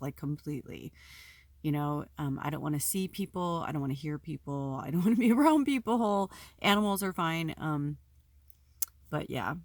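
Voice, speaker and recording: A woman's voice: low voice, darkish tone, no echo. A woman host talking casually and emotionally about her life at home, rambling with many fillers and some swearing. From Pacific Northwest United States. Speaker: spiritual video host. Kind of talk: casual personal vlog talk.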